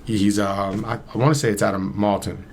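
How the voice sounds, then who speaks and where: A man's voice: lowish voice, flat delivery, brisk, creaky, a little mellow, slightly rough. A man in his thirties from Camden, New Jersey, a podcast guest casually telling a long story and acting out both sides of the conversation. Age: 30s.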